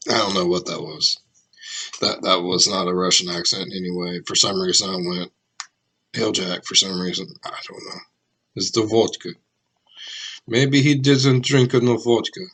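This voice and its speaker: A man's voice: low voice, moderate pace. A man giving casual, jokey reaction commentary. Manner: chatty, animated, jokey outbursts. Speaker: reaction video host.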